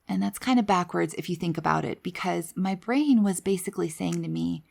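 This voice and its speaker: A woman hosting a podcast, telling her personal story in a candid, conversational way with quiet asides. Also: lowish voice, a little fast, vocal fry. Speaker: podcast host.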